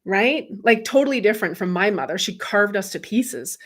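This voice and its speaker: A woman's voice: medium pitch, expressive, normal speed, a bit bright. A middle-aged woman, a medium and life coach, hosting a casual livestream, chatting candidly and reading viewer comments aloud.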